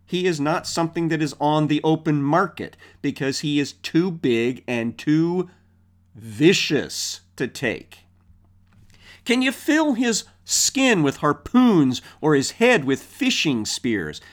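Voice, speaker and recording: A man's voice: on the high side, big pitch swings, slow pace. A man teaching a Bible passage verse by verse, reading the scripture aloud and then explaining it in a conversational way, with rhetorical questions and frequent fillers.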